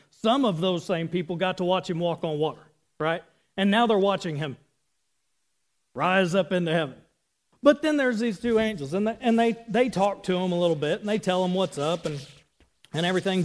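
A man's voice: high-pitched, a little mellow. A man in his thirties giving a casual, chatty sermon with asides. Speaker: preacher.

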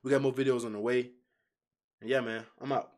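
A man with a mid-range voice, talking a little fast, hosts a casual reaction video about basketball. Excitable and slangy, he blurts out curse words and addresses his viewers head-on.

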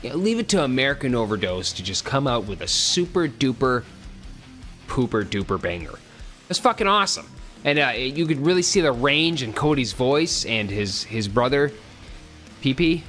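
A man's voice: mid-range voice, big pitch swings, moderate pace, fairly bright tone. A man hosting a casual music reaction, joking around with profane, goofy asides. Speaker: music reaction channel host.

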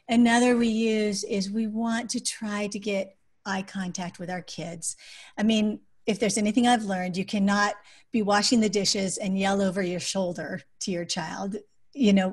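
A woman being interviewed on a podcast, explaining parenting ideas through practical examples. When she quotes phrases she would say to a child, her voice drops to a soft, calm tone. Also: medium pitch. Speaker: guest, adoptive parent and author.

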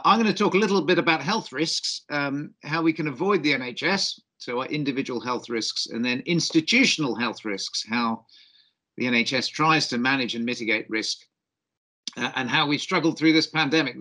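A man's voice: medium pitch, normal speed, bright, forceful tone. A middle-aged man with a faint Australian twang, giving a cheeky, jokey conference keynote as a doctor over a video call. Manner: cheeky, jokey, self-deprecating.

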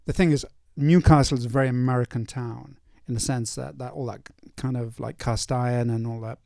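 An older male film director in a casual stage Q&A, telling anecdotes in a relaxed way with many fillers. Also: medium pitch, a little fast, creaky, dry recording, studio quality. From North East England. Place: cinema auditorium.

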